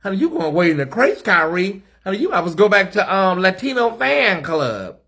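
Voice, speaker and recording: A man's voice: sits high, sing-song, brisk, bright, forceful tone, husky. An American man hosting a live stream from a hotel suite, sassy and chatty, talking straight to his viewers in the comments. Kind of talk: casual live-stream chat.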